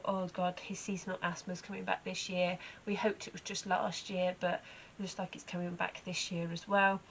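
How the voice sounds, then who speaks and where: A woman giving a casual vlog update about her horses, telling stories in a chatty, animated way. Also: lowish voice, muffled recording, a little hiss or hum. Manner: chatty, animated storytelling with acted asides. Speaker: horse owner vlogger.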